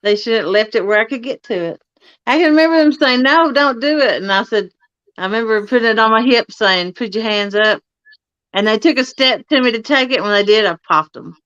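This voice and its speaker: A woman's voice: a little high, brisk, a bit bright, clear, resonant tone, dry recording. Female guest, plain wry delivery, dull lo-fi recording. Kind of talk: casual chat. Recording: dull lo-fi sound.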